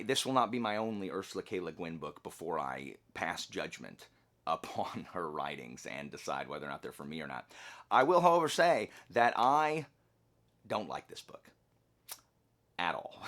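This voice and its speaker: Animated man chatting about books. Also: fairly low pitch. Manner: rambling and chatty, with frequent restarts and asides. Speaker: book reviewer, channel host. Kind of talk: casual chat to camera.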